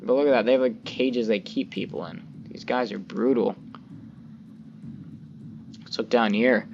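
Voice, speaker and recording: A man's voice: mid-range voice, fairly even intonation, a little slow, vocal fry, long pauses, darkish tone, a little hiss or hum. Rambling man on a dull lo-fi mic. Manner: rambling, filler-heavy, mild cursing. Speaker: gameplay commentator. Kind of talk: casual let's-play commentary. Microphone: desk microphone.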